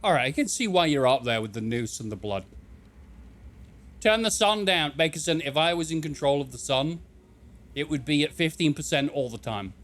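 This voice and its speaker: A man chatting his way through a video game stream, joking and reacting with disbelief. His voice sits a bit high and moves in a lively way. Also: normal speed. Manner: joking, incredulous, laughs often. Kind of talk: casual gameplay commentary.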